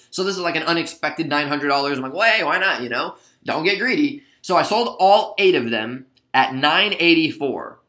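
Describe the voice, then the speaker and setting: A man hosting a casual trading recap, chatty and relaxed, with lots of fillers and asides. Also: fairly high pitch, roomy sound. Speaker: stock trading video host. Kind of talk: casual screen-share trade recap.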